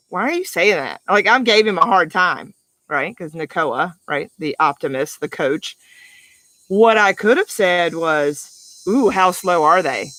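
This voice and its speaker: Bright-voiced upbeat woman life coach. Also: fairly low pitch, no echo. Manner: upbeat, animated, emphatic with laughs. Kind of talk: motivational talk to camera.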